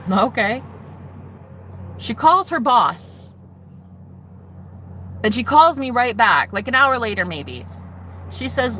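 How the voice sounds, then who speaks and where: A woman speaks from inside a car, telling her own story in a candid vlog. Her voice is bright and sharp, and her telling is blunt and profane, driving points home by repeating them. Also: a little high, expressive, slow pace, long pauses, a little hiss or hum. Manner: blunt and profane, emphatic repetitions. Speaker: vlogger.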